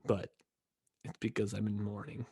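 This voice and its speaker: A young man hosting his own podcast, rambling with fillers and restarts, tired and yawning, swinging between mournful mumbling and loud outbursts. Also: fairly low pitch, monotone, moderate pace, vocal fry, breathy edge. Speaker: podcast host. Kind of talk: casual solo podcast rant.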